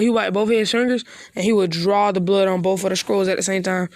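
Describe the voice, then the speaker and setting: A woman's voice: medium pitch, fairly even intonation, fast talker, darkish tone, no room sound. A woman casually telling a made-up fan story in a rambling, loose, slangy way.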